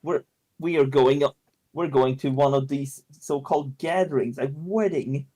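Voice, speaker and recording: A man's voice: mid-range voice, normal speed, warm tone, close to an everyday voice. Man doing a smug eccentric inventor. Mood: bossy. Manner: smug, indignant, self-assured.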